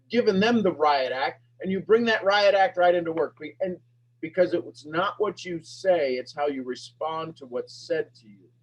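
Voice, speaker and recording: A man coaching a sales master class, firing emphatic, repetitive questions at his audience and pushing his voice up toward a shout. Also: high voice, low-quality recording. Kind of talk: animated teaching talk to an online audience.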